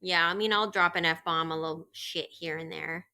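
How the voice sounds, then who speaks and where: Her voice is fairly low, smooth and sharp in tone, with fairly even intonation and a normal speed. She co-hosts a casual podcast as a parent in her thirties, telling funny stories with laughter and voicing the quotes.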